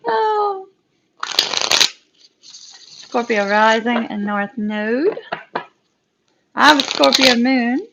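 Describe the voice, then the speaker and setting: A woman with a Southern US accent giving a live tarot reading, chatty and reassuring and quick to laugh. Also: high-pitched, lively intonation, fairly bright tone, a little hiss or hum. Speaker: tarot reader. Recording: dull lo-fi live-stream audio.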